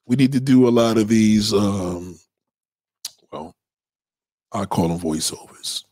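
A man's voice: lowish voice, takes it slowly, dark tone, dry recording, studio quality. A man riffing casually as a comedian, chatting loosely and checking in with his listeners. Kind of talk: casual comedic riff to viewers.

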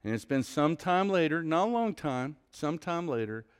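Male pastor, higher voice, storytelling sermon with dramatic loud and soft swings. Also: expressive, normal speed, smooth.

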